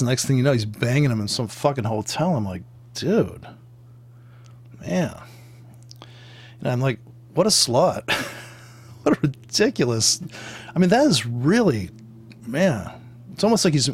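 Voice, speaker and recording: Man, forex trading commentary, casual rambling, profane, joking asides, middle pitch. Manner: profane, joking, tangent-prone, with laughs and sound imitations.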